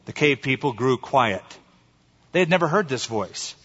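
A male pastor preaching a sermon and reading a story aloud, earnest and measured. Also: mid-range voice, animated, fairly bright tone, slightly rough. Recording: dull recording in echoey hall.

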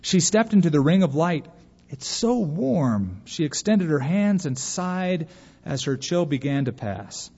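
A man's voice: a little high, animated, moderate pace, warm tone. A man preaching a sermon and reading a story aloud, earnest and emphatic, pleading at times. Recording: dull recording with long hall reverb.

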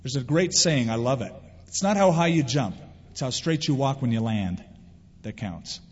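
A male pastor preaching a sermon in an animated way, acting out quoted voices. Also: mid-range voice, moderate pace, breathy edge. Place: church sanctuary. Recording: dull lo-fi sound with long hall reverb.

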